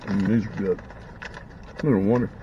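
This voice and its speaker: A man's voice: fairly low pitch, fairly even intonation, normal speed, background noise. A man vlogging casually as he eats, savoring each bite and talking with his mouth full, on a dull lo-fi recording. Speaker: food vlogger. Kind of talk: casual eating vlog.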